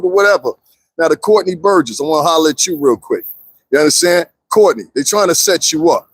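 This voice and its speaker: A man's voice: fairly high pitch, brisk, creaky, dry recording. A man commenting casually on a live stream, talking straight to his viewers and laughing often. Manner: animated, talks straight to viewers, frequent laughs.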